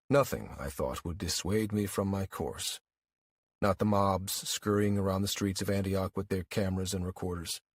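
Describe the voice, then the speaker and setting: A man narrating a first-person audiobook in a weary, wry, even-paced storytelling manner. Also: fairly low pitch, no echo, clean studio sound.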